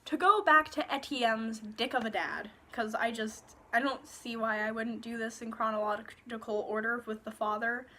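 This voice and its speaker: A woman's voice: a little high, fairly even intonation, moderate pace, hardly any pauses, bright, forceful tone. A young woman reviewing books in a casual, sarcastic rant, swearing freely, recorded on her phone. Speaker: book reviewer.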